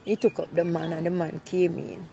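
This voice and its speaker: A woman's voice: lowish voice, flat delivery, normal speed, vocal fry, warm tone, lo-fi sound, slight background noise. A woman with a Jamaican accent giving an eyewitness account, telling her story and slipping into patois. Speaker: robbery witness.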